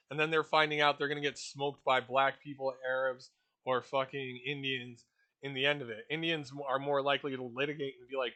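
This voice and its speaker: A man's voice: medium pitch, flat delivery, brisk, sharp tone. A man giving a profane, rambling, casual explanation of a role-play setting.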